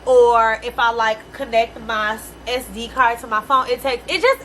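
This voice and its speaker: A young woman vlogging a casual storytime rant, animated and exasperated, swearing freely in slangy speech. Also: sits high, moderate pace, few pauses, a little hiss or hum.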